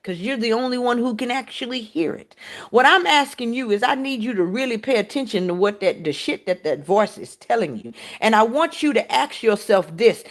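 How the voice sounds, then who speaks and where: Lively, frank woman hosting a spiritual talk. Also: mid-range voice. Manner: frank and profane, with rhetorical questions to listeners. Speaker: podcast host.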